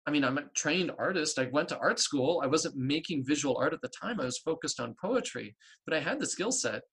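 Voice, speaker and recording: Middle-aged male guest, lively storyteller, voices the dialogue he recounts, rises high when excited. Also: a little fast, slightly rough. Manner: animated storyteller, acts out dialogue with big pitch jumps. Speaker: guest, artist and spiritual practitioner. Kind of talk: storytelling interview talk.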